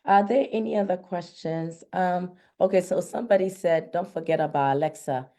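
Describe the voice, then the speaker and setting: A woman's voice: on the low side, normal speed, mellow. A woman hosting an online Q&A, encouraging her guest and asking follow-up questions. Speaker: webinar host.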